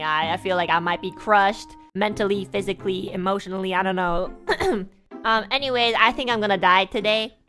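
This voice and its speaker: A young woman streamer telling a rambling, flustered story in casual chat, breaking into high laughter. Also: fairly bright tone. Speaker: VTuber streamer.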